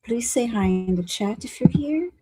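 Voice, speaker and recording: A woman with a mellow, slightly husky voice talks slowly and easily on a live reading stream, laughing often between her words. Her voice is close and dry. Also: a little high, animated, no room sound, low-quality recording. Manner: giggly and easygoing, laughing often between phrases. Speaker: psychic reader co-hosting a live reading stream. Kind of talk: casual live-stream chat.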